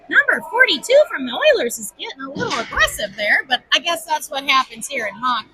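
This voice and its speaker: A woman with a very high, bright voice calls a youth hockey game like a seasoned announcer, fond and excitable. She breaks into shouts whenever a shot goes in. Faint arena noise hums behind her in the indoor rink. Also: brisk, few pauses, low-quality recording. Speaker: amateur play-by-play commentator. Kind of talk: homemade live sports commentary.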